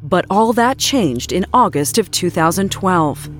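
A woman narrates a true-crime story in a measured, dramatic way. Her voice sits a little low. Music plays clearly beneath her. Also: expressive.

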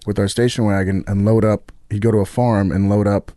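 A middle-aged man with a mellow, fairly low voice tells lively family anecdotes with quick asides. The sound is dry and close. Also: no room sound. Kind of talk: casual storytelling interview.

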